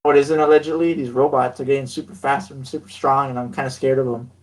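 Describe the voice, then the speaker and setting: A man's voice: mid-range voice, flat delivery, fast talker, a little mellow, low-quality recording. A man co-hosting a casual podcast over a voice call, joking and sarcastic, laughing often.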